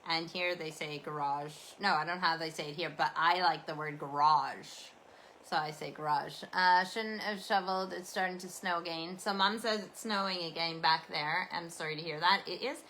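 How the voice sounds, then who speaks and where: A woman's voice: fairly low pitch, steady tone, normal speed, pushed and bright, slight background noise, poor audio. A Canadian woman hosting a casual rambling chat, talking in a meandering, chatty, self-deprecating way. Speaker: host.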